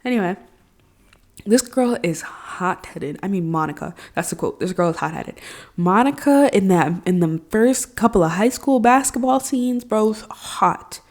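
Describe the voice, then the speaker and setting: A woman hosting her own podcast, talking casually and animatedly, full of slang with big jumps in pitch and loudness. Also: expressive, measured pace. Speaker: podcast host. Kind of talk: casual solo podcast talk.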